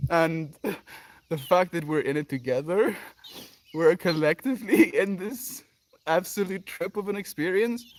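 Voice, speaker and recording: A man's voice: sits high, measured pace, long pauses. A man hosting a daily livestream in an emotional, effusive chat, often sighing and laughing as he thanks viewers. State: emotional, near tears. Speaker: livestream host.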